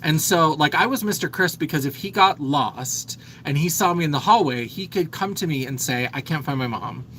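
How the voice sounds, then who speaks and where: A man's voice: fairly high pitch, expressive, normal speed, hardly any pauses, sharp tone, a little hiss or hum, rough recording. A man in his thirties hosting a casual makeup livestream, chatting and reading viewer comments aloud. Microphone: phone.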